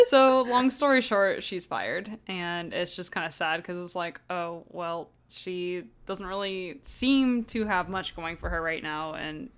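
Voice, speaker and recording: A woman's voice: on the low side, expressive, takes it slowly, a bit bright, clean tone. A woman co-hosting a casual book podcast, retelling the plot with sarcastic jokes and frequent laughter. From United States. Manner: laughs often, sarcastic joking. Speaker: podcast co-host. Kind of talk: casual book-club chat.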